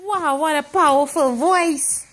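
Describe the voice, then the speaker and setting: A woman's voice: sits high, takes it slowly. A mother coaxing her baby in sing-song baby talk at home. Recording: loud background noise in a home video.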